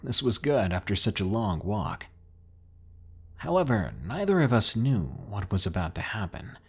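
A man narrating scary stories in a dramatic, drawn-out way, pausing for suspense. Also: lowish voice, big pitch swings, gravelly, slightly rough. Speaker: horror story narrator. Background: faint music.

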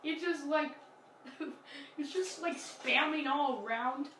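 A woman giving casual commentary over a zombie video game. She talks excitably, often exclaiming and apologizing to her viewers. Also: sits high, slow pace. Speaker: gameplay commentator. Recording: roomy, distant mic, noisy game audio.

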